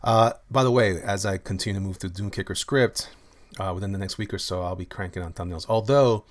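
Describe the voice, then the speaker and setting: A man with a fairly low voice talks loosely through his illustrations on a live stream. He rambles and restarts often in an easy, friendly way, stopping to read out comments from viewers. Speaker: comic artist streaming live. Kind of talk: casual livestream chat reading viewer comments.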